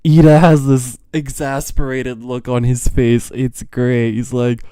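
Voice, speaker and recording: A young male streamer gives live reaction commentary in an unhurried, mellow voice. His tone is smooth and clean. The sound is dry and close. He reacts as an excitable fan, gasping, laughing and losing his train of thought. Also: medium pitch, no echo. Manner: excitable fan, gasps, laughs and frequent trailing restarts. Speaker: streamer reacting to a manga chapter.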